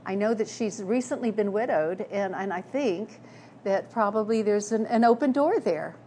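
A woman's voice: medium pitch, lively intonation, moderate pace, dark tone, slight background noise. A woman preaching a sermon, telling personal stories in an earnest way with frequent restarts. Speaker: speaker.

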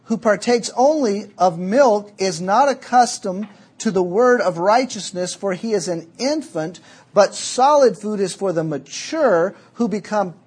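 A Southern American man delivering a sermon with a fairly high, husky voice. He preaches emphatically, drawing out key words, then drops into a quieter, chattier storytelling tone. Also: animated, unhurried.

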